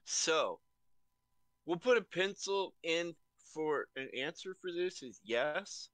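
A male player in a tabletop game who talks hesitantly and often stammers. His voice is bright and recorded close and dry. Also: fairly high pitch, lively intonation, takes it slowly, no echo. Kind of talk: playing a character in a tabletop game.

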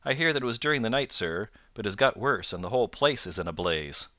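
A man's voice: fairly low pitch, animated, fast, pushed and bright, no room sound, studio quality. A man doing a chatty country station master. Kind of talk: audiobook narration.

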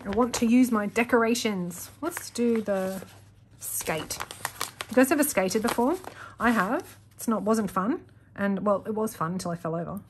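A woman's voice: medium pitch, moderate pace, background noise. A young woman chatting casually to viewers while setting up her planner, rambling and correcting herself as she goes. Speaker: planner vlogger.

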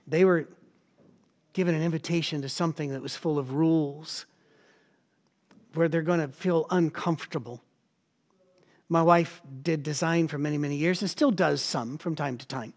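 A middle-aged man preaching a sermon as pastor, telling stories with energy and acting out the voices of the people he quotes. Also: on the high side.

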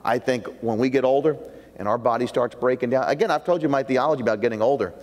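A man preaching a sermon to his church, swinging from emphatic outbursts to low, quiet asides. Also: fast talker. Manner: animated, rising to emphatic peaks and dropping low for asides. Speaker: pastor. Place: church sanctuary. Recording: long church hall reverb.

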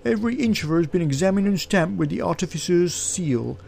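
A man's voice: sits high, expressive, brisk, vocal fry, a little mellow, a little hiss or hum, pitched above the performer's own voice. A man voicing a blunt, grumbling working-class train guard in a game read-along. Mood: gruff.

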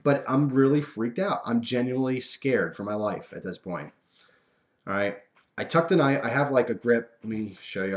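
A young man casually telling a personal story to his viewers, animated and full of fillers and restarts. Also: lowish voice.

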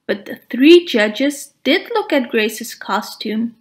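Woman, children's storybook read-aloud, high voice, slow unhurried pace, expressive. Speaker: storybook reader.

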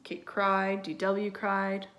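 A woman, a teacher, reading a picture book aloud to young children and explaining gently. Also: medium pitch, monotone, slow, roomy sound. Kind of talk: read-aloud storytelling for kids.

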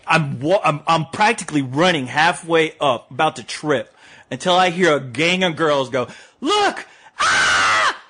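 A man's voice: fairly high pitch, normal speed, slight background noise. A young man, a podcast co-host and movie reviewer, telling a comic story with lots of laughing and acted-out voices. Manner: animated, laughing, acting out voices. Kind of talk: comic storytelling, casual chat.

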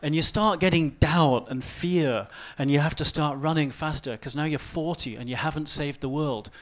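A man in his forties giving a fast-paced, humorous talk on stage, swinging from quiet asides to loud outbursts. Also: on the high side. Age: 40s. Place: event stage before a live audience.

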